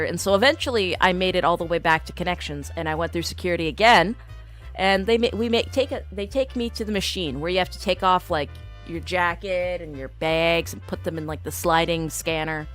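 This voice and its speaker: With a lowish voice and no room sound, a young woman streamer casually relates a frustrating travel tale. She tells it in an animated, exasperated way, voicing the people she met along the way.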